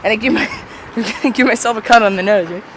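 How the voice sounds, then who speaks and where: A teenage boy casually telling a profane, animated story while walking outdoors. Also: high voice, fast. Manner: animated, profane, laughing asides. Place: city street, outdoors, walking. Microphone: handheld music player. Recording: noisy street recording.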